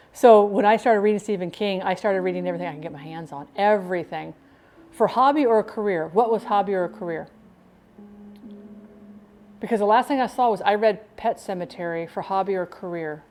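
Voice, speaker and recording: A woman's voice: mid-range voice, fairly quick, darkish tone. A woman vlogging in a rambling, talkative casual chat that jumps between thoughts.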